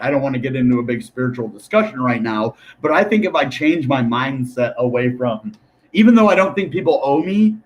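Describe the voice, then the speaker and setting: A young man talking casually to viewers about crypto charts, rambling and animated, often calling them guys and dude. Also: a little high. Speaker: crypto YouTuber. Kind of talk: casual chart commentary to camera.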